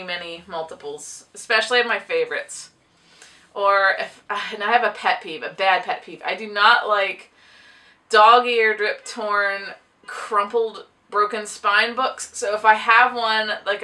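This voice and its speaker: Recorded from a distance, a woman with a medium-pitched, sharp-toned voice rambles about her books to camera, laughing frequently. Gum chewing and clicking are clearly audible. She's a book vlogger who also teaches a class on book publishing.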